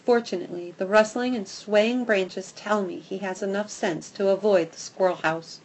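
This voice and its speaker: A woman narrating a children's storybook in the first person, expressive and lively. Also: medium pitch, normal speed. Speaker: audiobook narrator.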